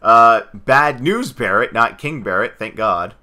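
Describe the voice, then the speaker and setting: A man co-hosting a casual chat, rambling from one aside to the next. His voice is very bright and forceful at a middling pitch, and he gets excitable as he goes. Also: measured pace. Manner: rambling, excitable, slips into goofy impressions. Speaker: podcast co-host.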